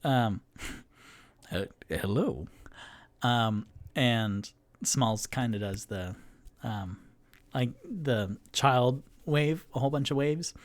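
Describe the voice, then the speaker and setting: A man narrating as game master, improvising fantasy scenes in a halting way, with many fillers and restarts. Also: medium pitch.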